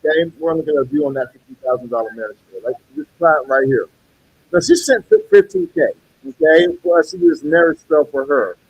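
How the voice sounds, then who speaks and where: A man with a high, swooping voice pitches paid rituals and readings to his viewers. His tone is gravelly and husky, and he keeps checking in with "okay?" as he goes. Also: very animated, fast talker, darkish tone, muffled recording. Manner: salesy, repeats okay and you guys. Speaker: tarot reader and spell seller. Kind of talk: sales pitch and tarot reading.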